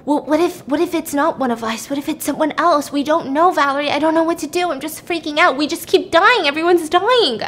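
A woman's voice: high-pitched, steady tone, brisk, a little hiss or hum, voice pushed up, lightly acted. A woman voicing a frightened young woman trapped in a cave, pleading in a breathless panic. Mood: panicked.

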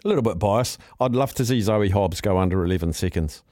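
A man's voice: lowish voice, darkish tone, no echo, clean studio sound. New man hosting talkback radio. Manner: chatty, quick to agree with callers. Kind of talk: casual talkback chat.

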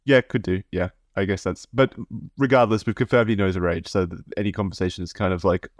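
A man co-hosting a podcast in casual chat, wry and blunt, sometimes reading messages aloud in a higher voice. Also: steady tone, quick pace, no room sound, clean studio sound. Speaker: podcast co-host.

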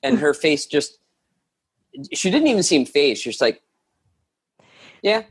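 A man tells a story as a podcast guest, his husky voice rising and falling a great deal. He rambles, restarts often and acts out what people said. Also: a little high, big pitch swings, takes it slowly. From lives in New York. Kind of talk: casual storytelling.

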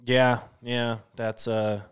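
A man's voice: medium pitch, little pitch movement, very slow, clean tone. A man in his thirties co-hosting a podcast, chatting casually and ranting with frequent swearing. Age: 30s. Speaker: podcast co-host. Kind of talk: casual chat.

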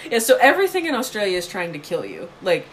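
A woman's voice: medium pitch, huge pitch swings, quick pace, a little hiss or hum, rough recording. A woman co-hosting a podcast in casual chat, telling stories animatedly with frequent giggles. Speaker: podcast co-host.

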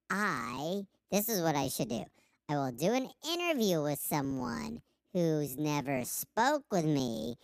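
A man on a podcast putting on a deliberately annoying high voice of himself, whiny and petulant. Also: gravelly, no room sound, exaggerated voice. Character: annoying squeaky caricature of himself, bratty, quarrelsome. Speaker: podcast host. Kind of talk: joking bit on a podcast.

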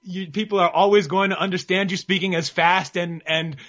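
A man with a high, bright voice chats loosely about boxing, tripping over his own words as he gets excited. The sound is a little dull and lo-fi. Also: a little fast. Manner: rambling, excitable, many restarts. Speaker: boxing podcast co-host. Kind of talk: casual sports chat. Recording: slightly muffled lo-fi mic.

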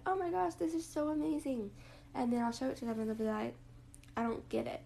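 A young woman hosting a casual reflective monologue, rambling with lots of fillers and a rough morning voice. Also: a little high, darkish tone, a little hiss or hum, rough recording. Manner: rambling, lots of likes and ums. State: morning voice, throat a bit rough.

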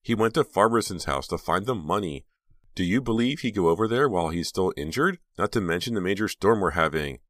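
A man voicing an excitable teenage girl who talks breathlessly and impatiently. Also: low-pitched, brisk, no echo, pitched above the performer's own voice.

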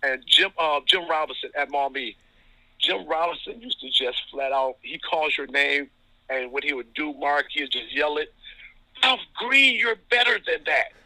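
Bright-voiced referee from Ohio. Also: male voice, a little high, fairly even intonation, moderate pace, no room sound, rough recording. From Toledo, Ohio. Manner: chuckling, anecdotal, lots of fillers. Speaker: basketball referee, guest. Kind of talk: casual storytelling interview.

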